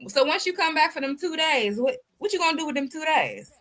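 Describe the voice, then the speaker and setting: Sassy woman with a lively voice. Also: sits high, brisk. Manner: blunt and sassy, rhetorical questions. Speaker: reaction video host. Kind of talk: casual commentary.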